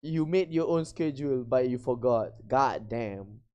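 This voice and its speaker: A young adult VTuber streamer from Malaysia, chatting casually and getting flustered, often breaking into high laughter. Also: animated, measured pace, mellow, clear, resonant tone, highs cut off. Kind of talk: casual live-stream chat.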